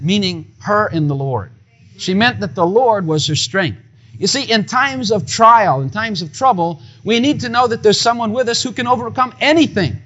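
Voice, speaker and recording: A man in his fifties sharing a heartfelt personal testimony with earnest emotion. His voice sits high and husky, and he often stammers and repeats himself. The recording has a dull, lo-fi sound. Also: lively intonation, brisk, fairly bright tone.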